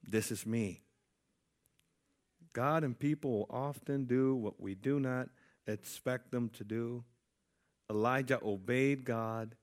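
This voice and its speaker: A man preaching a sermon, telling a story with lively voices for the people in it and often checking in with his listeners. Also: medium pitch. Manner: animated storytelling, acting out quoted people.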